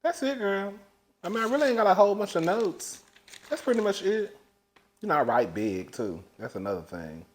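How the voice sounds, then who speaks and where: Animated sassy man recapping reality TV. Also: high voice, moderate pace. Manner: animated, laughing, big swings between loud and hushed; sassy, calls viewers "girl" constantly. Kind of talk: casual recap commentary.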